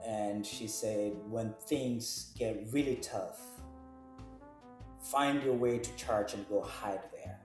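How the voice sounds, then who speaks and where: Male podcast host from Kenya, low and very slow delivery, echoey room sound. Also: fairly even intonation, soft background music. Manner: slow, measured, thoughtful. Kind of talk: slow reflective interview talk. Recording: echoey, slightly distant mic.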